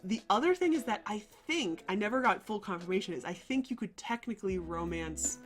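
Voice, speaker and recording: A woman co-hosting a podcast, talking in an animated, chatty way with many fillers. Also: medium pitch, fairly quick, faint music behind. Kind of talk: casual chat.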